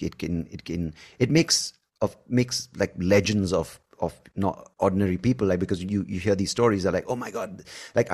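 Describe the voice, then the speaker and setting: A podcast host with a deep, darkish voice chats casually, earnest and enthusiastic. He keeps tossing in "right?" and "like."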